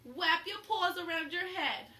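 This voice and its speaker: A woman voicing a timid little boy rodent who says his r sounds as w and talks slowly. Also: lively intonation, bright, forceful tone, far from the mic, exaggerated voice. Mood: timid to bold. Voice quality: turns r sounds into w. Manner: slow, squeaky, growing bolder. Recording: roomy echo.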